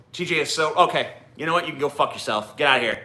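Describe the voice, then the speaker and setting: A man's voice: on the high side, bright, forceful tone. A man hosting a livestream, ranting profanely and combatively at his chat. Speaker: livestream host.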